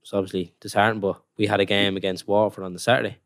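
A man's voice: lowish voice, little pitch movement, very fast, vocal fry, fairly bright tone, dry recording, studio quality. A young man, a professional footballer, telling stories in a rambling, casual way full of "like"s. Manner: rambling storytelling with many "like"s. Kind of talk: casual podcast chat.

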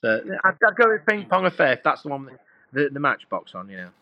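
A man's voice: mid-range voice, very animated, quick pace, no echo, lo-fi sound. A middle-aged man, a guest musician, telling rambling anecdotes in casual conversation with many fillers and restarts.

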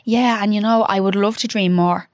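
Woman in her 30s, halting teary storytelling, lots of restarts, dry close mic. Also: medium pitch, steady tone, no echo. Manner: tearful, halting, with many restarts and quoted dialogue. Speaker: podcast guest. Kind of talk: emotional personal storytelling.

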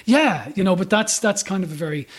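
A man's voice: sits high, expressive, brisk. A man, a film critic guest on a radio show, opinionated and emphatic. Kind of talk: radio talk show chat.

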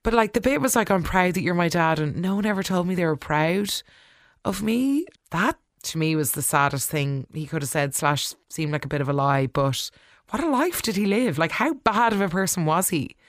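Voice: medium pitch, expressive, normal speed, no echo, clean studio sound. A vlogger giving a casual, opinionated episode recap in a chatty way, often talking back to the characters. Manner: chatty, opinionated, full of "like" and asides. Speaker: soap opera recap vlogger.

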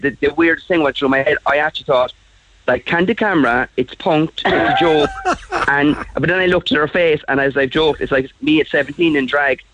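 A man, telling a personal story as a radio guest in a halting way, with many fillers and restarts. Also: fairly high pitch, a bit bright. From Ireland. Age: 40s. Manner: halting, full of fillers and restarts, laughs often. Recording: slightly muffled radio audio.

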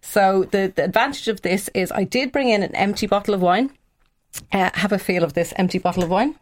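A woman's voice: medium pitch, fairly quick. A woman guest on a radio show, chatting enthusiastically about wine. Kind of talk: casual radio chat.

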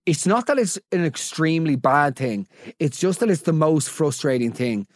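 A man hosting a comedy podcast, reading out listener stories with incredulous, animated energy. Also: a little high, normal speed, dry recording, clean studio sound. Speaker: podcast host.

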